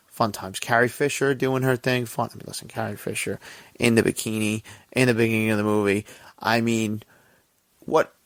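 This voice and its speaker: Gravelly low-voiced man chatting casually. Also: no room sound. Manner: rambling, profane, laid-back. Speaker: podcast host. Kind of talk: casual solo movie chat.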